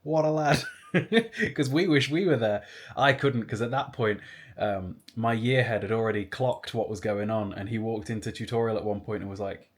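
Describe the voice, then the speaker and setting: A man's voice: lowish voice, normal speed. A man in his twenties chatting casually to camera, telling rambling anecdotes with side remarks. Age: 20s. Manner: rambling, anecdotal storytelling with asides. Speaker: YouTuber. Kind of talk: casual vlog chat.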